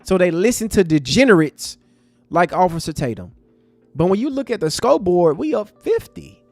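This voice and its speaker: Male livestream host, high voice, impassioned and preachy, faint music bed. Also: big pitch swings, normal speed, dry recording. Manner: impassioned, preachy, talks to chat as family. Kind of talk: livestream commentary.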